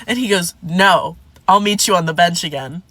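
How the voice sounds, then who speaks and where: A woman's voice: lowish voice, moderate pace, fairly bright tone, no room sound. A woman telling a dramatic personal story, acting out quotes and swearing. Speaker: storyteller in a clip. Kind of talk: animated storytime.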